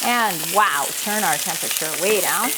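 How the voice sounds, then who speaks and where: A woman's voice: lowish voice, lively intonation, moderate pace, heavy background noise. A woman with a Canadian accent chatting casually as she cooks in her home kitchen, laughing easily and thinking aloud. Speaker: home cooking vlogger. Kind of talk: casual cooking chat.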